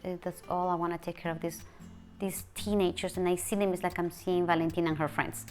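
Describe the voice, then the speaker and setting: A middle-aged woman speaking as a bereaved mother in an emotional personal interview, halting and soft, with hushed quoted speech. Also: on the low side, little pitch movement, faint music behind.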